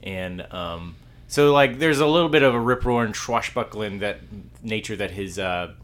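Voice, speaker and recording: A man with a fairly low voice co-hosts a movie podcast in easy, casual chat. He rambles and restarts his sentences, circling around his point with plenty of fillers. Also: lively intonation, moderate pace, a bit bright. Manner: rambling, hesitant, many restarts. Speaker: podcast co-host.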